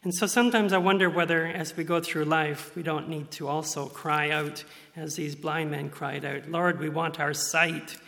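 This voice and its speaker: Earnest male preacher, slightly high-pitched, reverberant hall. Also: level tone, moderate pace, creaky, bright, forceful tone. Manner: earnest, acts out quoted voices in bursts. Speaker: pastor. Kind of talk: sermon.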